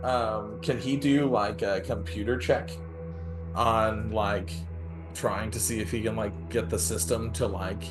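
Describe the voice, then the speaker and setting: A man's voice: on the low side, fairly even intonation, a little slow, music in the background. A man playing a tabletop game who explains his moves in a rambling way, full of "like" and restarts. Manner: rambling, with lots of "like". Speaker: player. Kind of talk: casual tabletop play.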